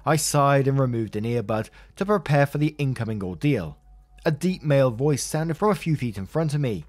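A man narrating a first-person story in a sardonic, animated way. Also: mid-range voice, a little fast, no echo, soft background music.

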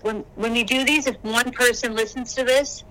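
Playful, bright-voiced actress. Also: female voice, fairly high pitch, fairly even intonation, moderate pace, slight background noise, poor audio. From California. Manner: playful, laughs often, acts out quotes. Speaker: guest, actor. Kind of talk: casual conversation.

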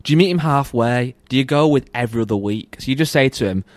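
A man on a golf podcast, casually talking through listener problems with quick jokes. His voice sits mid-range and is recorded dry and close. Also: mid-range voice, no echo. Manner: quick, joking, advice-giving. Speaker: podcast co-host.

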